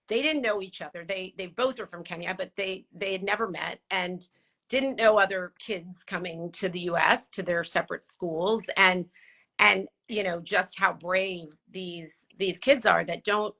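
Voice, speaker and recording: A woman in her forties as a guest in a casual conversation, talking in a reflective, heartfelt, unhurried way. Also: medium pitch, sharp tone.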